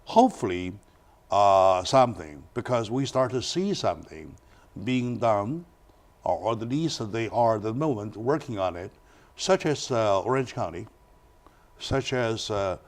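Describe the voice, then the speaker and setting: A man hosting a studio talk show, introducing a guest and speaking in halting phrases with many restarts. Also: on the low side, sing-song.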